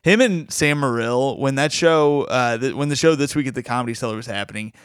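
Man, podcast co-host, casual chat, enthusiastic, rambling, smooth voice, dry close sound. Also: mid-range voice, a little fast, dry recording.

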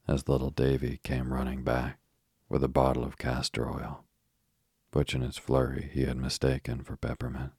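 A man reads a storybook aloud in a very deep, husky voice. He keeps it flat and steady, with almost no rise and fall. The sound is close and dry. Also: moderate pace, dry recording. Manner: steady, even reading with little rise and fall. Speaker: audiobook narrator. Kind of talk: scripted storybook narration.

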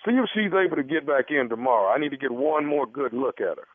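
A man's voice: medium pitch, expressive, quick pace, dry recording, natural voice. A man pranking as an awkward male doctor, stammering and hesitant on a phone call. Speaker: prank caller. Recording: tinny phone line.

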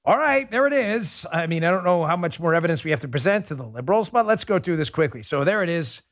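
A middle-aged man hosting a political talk show, delivering a casual, sarcastic commentary monologue with lots of quick asides. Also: a little high, no room sound, studio quality. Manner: animated, sarcastic, rapid asides.

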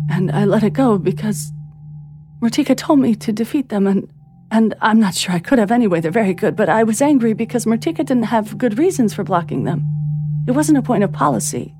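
Audiobook: reader doing anxious young heroine, stammering, emotional, music bed. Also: female voice, on the high side, voice pushed up, natural voice. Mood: angry outburst. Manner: halting, emotional, pleading. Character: young woman, anxious and overwrought. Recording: soft music bed under reading.

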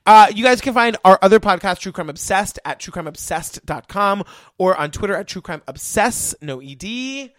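Lively woman podcast host. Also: mid-range voice, moderate pace, no room sound, clean studio sound. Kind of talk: casual chat.

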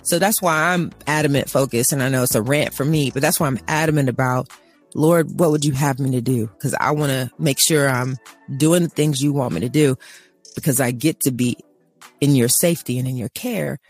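Husky woman ranting about faith on a talk show, emphatic, acts out both sides. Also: a bass voice, fairly quick, soft background music. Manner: emphatic, acts out dialogues, laughing asides. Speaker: co-host. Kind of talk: animated faith talk, preaching rant.

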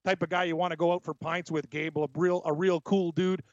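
A man co-hosting a casual sports betting show, an animated storyteller giving his picks. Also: a little high, fairly quick, dry recording. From Scotland. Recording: dry, dull lo-fi sound.

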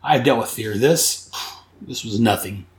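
A man voicing a weary, cool-headed male antihero with calm, dry understatement. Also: on the low side, unhurried, reverberant, natural voice. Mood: unbothered.

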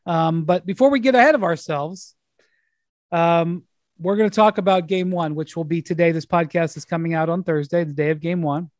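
Middle-aged male podcast host, high voice, dry close sound, relaxed and halting. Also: dry recording. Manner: relaxed, hesitant with many fillers. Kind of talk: casual sports chat.

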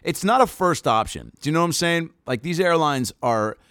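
A man's voice: a little high, lively intonation, normal speed, fairly bright tone, clear, resonant tone, no echo, studio quality. A male comedian hosting his podcast in a loose, joking way, swearing freely. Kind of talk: casual chat. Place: in Australia.

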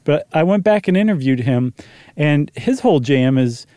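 A man's voice: on the high side, lively intonation, normal speed, warm tone, no room sound. A man co-hosting a podcast in casual chat, easygoing and rambling, with plenty of filler words. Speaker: podcast co-host.

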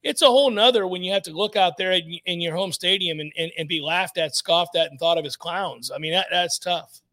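A man's voice: high-pitched, a little fast, pushed and bright. A man hosting sports talk radio, blunt and emphatic, repeating points for effect.

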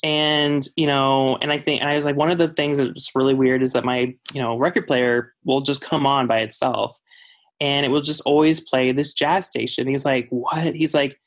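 A man's voice: mid-range voice, little pitch movement, normal speed. A man calling in to a podcast to tell a personal story in a casual, rambling way, filling his talk with "like" and acting out what people said. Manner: rambling, heavy use of "like", acts out quoted dialogue. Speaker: listener caller.

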